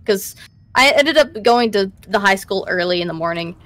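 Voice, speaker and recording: A woman's voice: mid-range voice, animated, normal speed, a bit bright. Chatty woman gaming with a friend. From US East Coast. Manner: chatty storyteller, reads quest text aloud in playful voices. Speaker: co-host. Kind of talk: casual let's-play chat.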